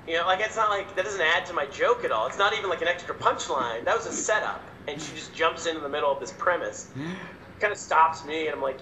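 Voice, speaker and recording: A male stand-up comedian telling a story as a podcast guest, animated and self-mocking. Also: fairly high pitch, fast, highs cut off, a little hiss or hum. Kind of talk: casual storytelling. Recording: echoey room, faint ambience.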